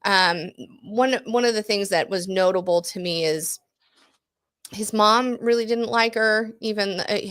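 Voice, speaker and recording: A woman's voice: medium pitch, measured pace, fairly bright tone, smooth, dry recording. A woman co-hosting a podcast, retelling a true-crime case in a chatty way, with lots of fillers, self-corrections and easy laughs. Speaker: podcast co-host. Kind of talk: casual true-crime chat.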